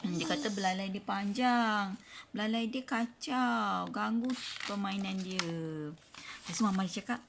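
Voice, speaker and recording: A woman with a Malaysian accent reading a picture book aloud to a child, slow and expressive, pausing to explain. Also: medium pitch, creaky, a little hiss or hum.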